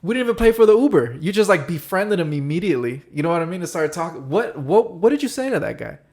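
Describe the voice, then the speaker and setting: A man's voice: high-pitched, big pitch swings, fast, darkish tone. A man hosting a casual podcast chat, telling stories animatedly and acting out quoted voices. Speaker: podcast host. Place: San Diego.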